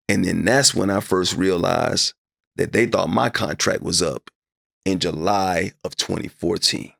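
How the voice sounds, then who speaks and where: A man's voice: unhurried, vocal fry, a bit bright, dry recording, clean studio sound. A middle-aged man, a broadcaster guest in an interview, telling a personal story with animation and acting out the dialogue in it. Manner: acts out his own past dialogue, voice climbing high when upset.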